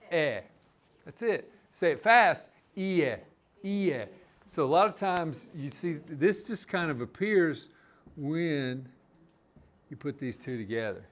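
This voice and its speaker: Relaxed man teaching a language class. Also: fairly high pitch. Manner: relaxed, rambling explanations with many restarts.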